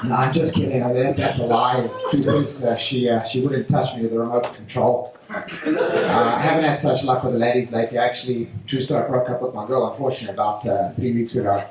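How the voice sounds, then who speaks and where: A man doing a stand-up set on a club stage, talking haltingly with lots of fillers. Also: medium pitch, steady tone, a little hiss or hum. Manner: halting delivery with many fillers. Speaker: stand-up comedian. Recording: echoey club from a distant mic.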